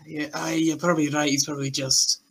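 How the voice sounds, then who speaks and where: A man playing a tabletop role-playing game, speaking partly in character to other characters, slow and musing. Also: a little high, level tone, a bit bright, slight background noise, poor audio. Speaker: player.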